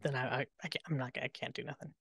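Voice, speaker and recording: A woman playing a tabletop game, halting and repeating her words. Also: rumbling low, fairly even intonation, fairly bright tone, slightly rough, no room sound, clean studio sound. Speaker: player. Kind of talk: casual tabletop game play.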